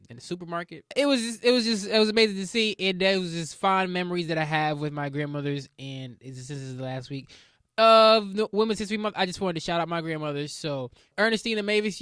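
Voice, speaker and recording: Fast-talking high-voiced young man. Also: a bit bright, clear, resonant tone, dry recording, studio quality. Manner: rambling, profane storyteller. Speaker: podcast host. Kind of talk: casual solo podcast monologue.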